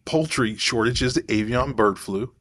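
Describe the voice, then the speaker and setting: A man's voice: mid-range voice, normal speed, fairly bright tone, slight background noise. A man talking casually to camera in a rambling, digressive way, thinking aloud as he goes. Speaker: vlogger.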